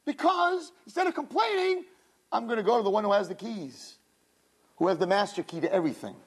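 A woman's voice: medium pitch, fairly quick, breathy edge. A woman giving a religious lecture to young women, telling stories animatedly and acting out the dialogue. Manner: animated storytelling, acts out dialogue. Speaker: Torah teacher.

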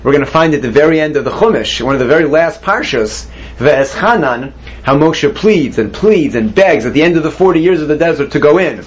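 A man leads a Torah class, pausing to put questions to his students and weaving Hebrew terms into his teaching. His voice sits fairly high for a man. The recording sounds dull and lo-fi. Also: lively intonation.

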